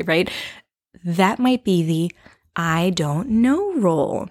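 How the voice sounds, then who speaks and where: A woman hosting a show, telling a personal story as a lesson in a playful, animated way, often checking in with "right?" and laughing. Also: on the low side, takes it slowly. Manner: animated, with frequent tag questions. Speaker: podcast host.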